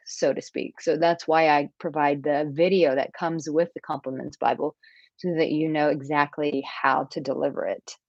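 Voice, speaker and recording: Female dating coach, thirties, low-pitched, casual live-stream patter, muffled lo-fi sound. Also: no room sound. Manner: breezy, chatty, reads viewer comments aloud. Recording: dull, dry lo-fi stream audio.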